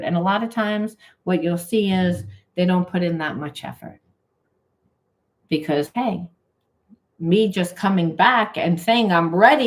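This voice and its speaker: A woman doing a spiritual card reading, talking emphatically and acting out imagined dialogue between partners. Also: on the low side. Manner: repeats phrases for emphasis, loose run-on talk. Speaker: tarot reader.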